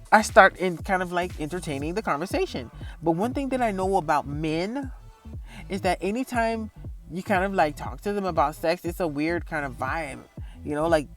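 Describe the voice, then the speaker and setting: A man telling a story in a casual, profane vlog rant and laughing often. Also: high-pitched. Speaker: vlogger.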